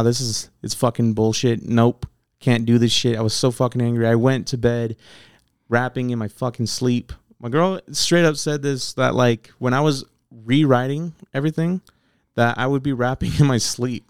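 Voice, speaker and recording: A man telling his stories with lots of swearing and energy, his voice smooth and clear. The sound is dry and close, with no room around it. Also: mid-range voice, no room sound. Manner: profane, animated storytelling. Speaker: battle rapper guest. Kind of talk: casual podcast interview.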